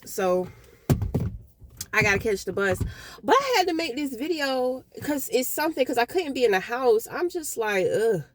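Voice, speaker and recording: A woman's voice: medium pitch, dry recording. A woman venting in a casual vlog outdoors, frustrated and rambling, swearing often. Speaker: vlogger.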